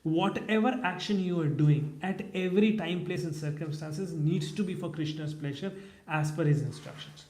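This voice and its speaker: A man giving a scripture class in a temple hall, telling stories in an animated way. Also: on the high side, normal speed. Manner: animated storytelling. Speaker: class speaker.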